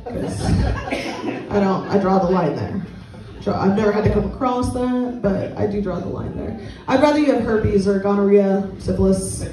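A young woman performing a stand-up comedy set with crowd work, blunt and crude in a deadpan way. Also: medium pitch. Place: small comedy venue with a live audience. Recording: echoey room, mic at a distance, audience laughter. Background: crowd laughing.

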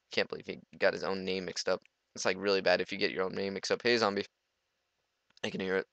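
A man's voice: low-pitched, expressive, a little fast, creaky, a bit bright, no echo. A teenage boy giving rambling, goofy let's play commentary, talking to himself as he plays. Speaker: gamer.

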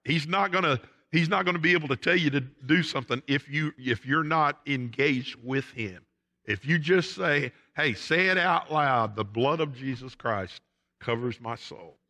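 A man's voice: fairly high pitch, normal speed, sharp tone. A man with a Southern US accent preaching a sermon as pastor, emphatic, with rising and falling intensity. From United States. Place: church sanctuary. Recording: long church hall reverb.

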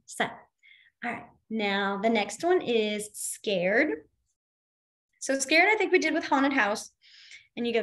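A woman's voice: fairly high pitch, brisk. A woman teaching a beginner sign language class in a chatty, demonstrative way, with lots of fillers. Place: library classroom.

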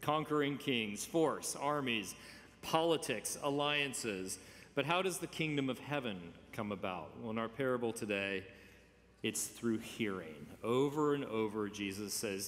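A man in his fifties preaching a sermon, conversational with gentle humor and emphatic stresses. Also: mid-range voice, animated, a little slow, a little hiss or hum. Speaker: pastor. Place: church sanctuary. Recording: reverberant church sanctuary.

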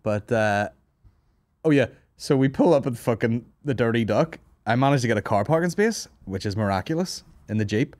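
A man's voice: mid-range voice, animated, moderate pace, darkish tone, no room sound. A Northern Irish man hosting a podcast, telling a rambling comic story, swearing a lot and laughing often, hungover and tired. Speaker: podcast host. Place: office.

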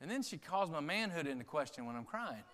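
A man preaching a sermon as pastor, passionate, moving between quiet conversational asides and shouted climaxes. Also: a little high, big pitch swings, a little fast, slight background noise. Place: large church sanctuary. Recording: long hall reverb in a church sanctuary.

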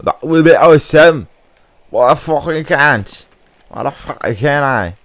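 A man giving profane let's-play commentary as he plays, trash-talking enemies with loud outbursts. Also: a little high, expressive, a little slow, dry recording. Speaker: gamer streamer.

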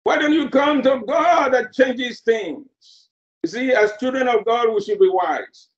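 A man's voice: very high voice, measured pace. A male preacher delivering a sermon, emphatic and repeating phrases for effect. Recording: roomy, dull lo-fi sermon recording.

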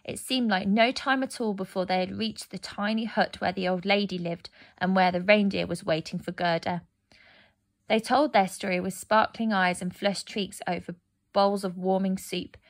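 A woman narrating a fairy tale aloud, gentle and expressive. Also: medium pitch. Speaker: storyteller. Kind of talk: storybook narration.

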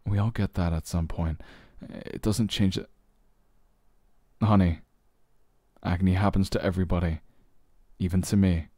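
A deep-voiced man in a whispered role-play, playing a gentle boyfriend who soothes with slow, hesitant reassurance. His tone is mellow and dark, recorded close and dry with no room sound. He sighs softly and lets quiet laughs slip between his words. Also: steady tone, dry recording.

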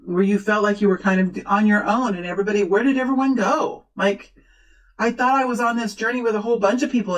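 A woman's voice: mid-range voice, rough recording. Chatty woman giving a rambling tarot reading. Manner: chatty and rambling, many fillers and restarts, encouraging. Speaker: tarot reader. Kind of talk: casual tarot reading to camera.

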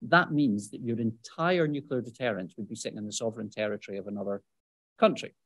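A man speaking off the cuff on a policy panel, talking conversationally with many asides and quick self-corrections. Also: fairly low pitch, fairly bright tone, no room sound. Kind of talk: unscripted panel discussion answer.

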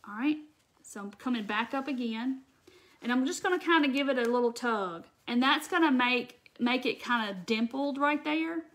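Woman hosting a live craft demo, talkative and direct with viewers, bright, forward tone. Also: high voice, normal speed. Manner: chatty, addresses viewers directly and answers comments. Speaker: craft tutorial host.

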